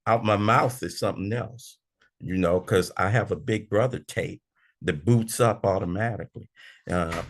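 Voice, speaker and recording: An older man in his sixties leads a recovery group study with a low, gravelly voice. He talks like a preacher and acts out both sides of his own family arguments. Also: normal speed. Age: 60s. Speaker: recovery meeting speaker. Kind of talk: animated big book study talk.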